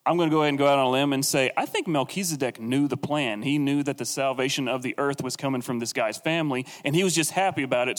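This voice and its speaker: A man's voice: on the high side, in a large hall. A man teaching a casual, conversational sermon on the Bible, with jokey asides and acted-out quotes.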